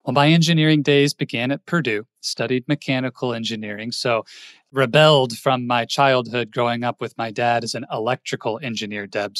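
A man's voice: mid-range voice, a bit bright, no room sound, studio quality. A man, a career coach guest on a podcast, telling his story in an earnest, reflective way. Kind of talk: interview storytelling.

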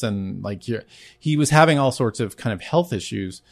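A man hosting his own podcast shares a personal faith testimony, earnest and halting, often restarting his sentences. His voice is medium-pitched, creaky and fairly bright.

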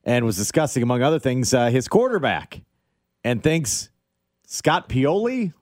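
Brief: male sports talk co-host, wry and sarcastic, expressive pitch, dry studio. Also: a little slow, no room sound.

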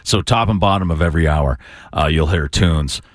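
A man's voice: rumbling low, normal speed, no room sound, studio quality. A man hosting a rock radio show, chatting casually and laughing often. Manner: excitable, laughing banter. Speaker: radio host. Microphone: studio microphone.

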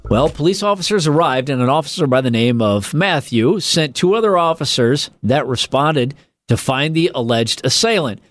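A man with a slightly high voice co-hosting a comedy podcast, swinging his pitch all over as he tells stories. He swears freely and jumps into quoted voices mid-sentence. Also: moderate pace, dry recording, faint music behind. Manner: animated, profane, acts out quoted voices. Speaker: podcast co-host. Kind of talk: casual comedic chat.

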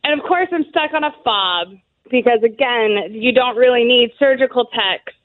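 A fairly high-voiced woman chats through stories, laughing often and leaning on fillers. Her voice comes over a thin, phone-like line that cuts the lows and highs. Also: normal speed. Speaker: guest, Army veteran. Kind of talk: casual interview storytelling.

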